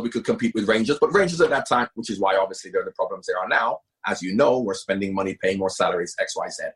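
A medium-pitched, slightly bright male voice belongs to a middle-aged ex-football manager being interviewed. In this casual chat he talks at length, with emphatic repetition to drive points home.

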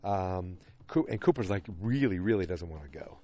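A man's voice: deep voice, normal speed. A tired man casually recapping a TV episode, rambling with lots of fillers. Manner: rambling, filler-heavy, animated retelling.

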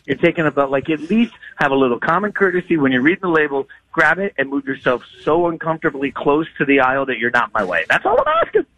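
A man hosting a sports radio show, talking in a casual, energetic way and acting out other people's voices in his stories. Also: on the high side, fast, hardly any pauses, no echo, dull audio. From moved from Nashville to Connecticut. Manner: animated, mimics voices in anecdotes. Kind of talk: fast, energetic casual talk.

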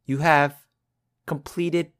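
A man's voice: a little high, little pitch movement, slow pace. A man co-hosting a casual podcast, running a quiz in a playful, teasing way. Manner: playful, teasing, bursts into loud laughing outcries. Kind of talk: casual chat.

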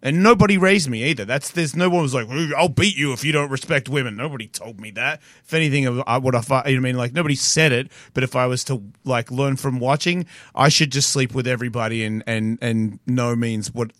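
A man's voice: medium pitch, a little fast, few pauses, fairly bright tone, no echo, clean studio sound. A man in his forties with an Australian accent, a podcast guest telling rambling stories in a blunt, profane way. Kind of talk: casual chat.

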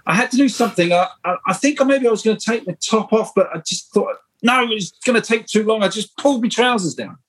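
Middle-aged man, husky voice, slightly high-pitched, rambling anecdotal podcast guest. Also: fairly quick, hardly any pauses, low-quality recording. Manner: animated, rambling anecdotal storytelling. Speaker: guest screenwriter. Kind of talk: casual podcast interview.

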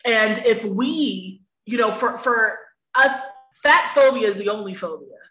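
A woman's voice: a little high, measured pace, a bit bright, roomy sound, low-quality recording. A woman guest on a podcast, talking candidly and emphatically, laughing often and swearing freely. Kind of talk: candid conversational interview.

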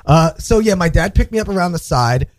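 A man's voice: sits high, lively intonation, brisk, no echo. A man telling a childhood story on a comedy podcast, hesitant and chuckling, with lots of fillers.

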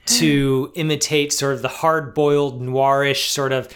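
A man's voice: mid-range voice, fairly even intonation, a little slow, a bit bright, smooth. A man co-hosts a film podcast in casual conversation, with a mid-range voice. He talks in a thoughtful way and pokes fun at himself. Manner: thoughtful, self-deprecating. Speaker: podcast co-host.

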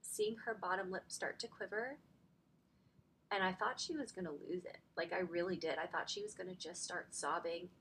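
A woman's voice: on the low side, normal speed, fairly bright tone, a little hiss or hum. A woman in her thirties telling a personal story in a faith podcast conversation, chatty and full of "like", close to tears at times. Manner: chatty, fills speech with "like". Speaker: podcast guest.

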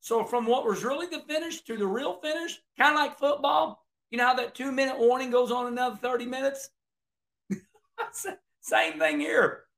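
Gravelly high-voiced folksy man. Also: moderate pace, a bit bright. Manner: folksy, rambling, repeats words and restarts. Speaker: racing commentator. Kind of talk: casual video commentary.

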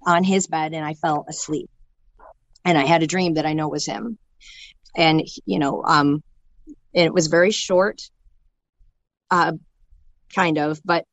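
A young woman recounts a painful personal memory, her speech halting and dotted with fillers and restarts. Her voice sits a little low for a woman. The recording is close and dry. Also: no room sound. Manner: halting, filler-heavy talk with many restarts. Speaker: storyteller sharing a personal loss. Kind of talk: emotional personal storytelling.

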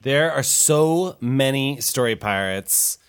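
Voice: mid-range voice, lively intonation, slow pace, clear, resonant tone, no echo, clean studio sound. An adult host with an upbeat, encouraging manner, interviewing a young guest in a casual chat and laughing easily. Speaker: host interviewing a child author.

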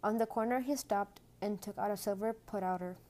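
A woman reading a children's storybook aloud in a gentle, hushed manner. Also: medium pitch, brisk. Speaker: audiobook reader. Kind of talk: storybook narration.

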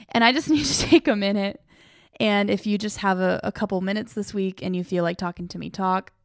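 A young woman hosting a casual solo podcast, excitable and self-mocking, laughing often as she reacts. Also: mid-range voice, smooth, no room sound, studio quality. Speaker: podcast host.

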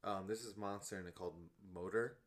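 Young male podcast co-host, animated and laughing, hiccuping through casual chat. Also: fairly low pitch, fairly quick. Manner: animated, laughs loudly, says bro and dude. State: has the hiccups.

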